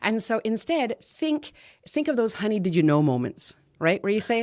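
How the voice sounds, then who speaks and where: A woman talking as a guest on a podcast, explaining communication advice with lively storytelling. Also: medium pitch, moderate pace. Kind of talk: podcast conversation.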